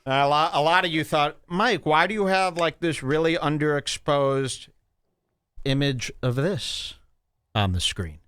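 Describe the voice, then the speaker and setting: A man's voice: fairly high pitch, measured pace, clean tone, no room sound. A man hosting a podcast, reacting to clips with casual, mocking commentary. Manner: animated, mocking, jumps between loud and quiet.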